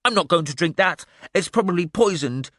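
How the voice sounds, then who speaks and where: A man narrating an audiobook, voicing a frightened young boy who cries and pleads in a hoarse, high, strained voice. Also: animated, a little fast, fairly bright tone, no echo, clean studio sound. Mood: fearful. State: crying, hoarse.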